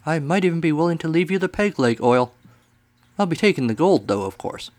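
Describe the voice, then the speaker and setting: Guy putting on a lazy taunting sea serpent, kinda higher voice, storybook. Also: sing-song, fairly quick, darkish tone. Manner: taunting, mocking.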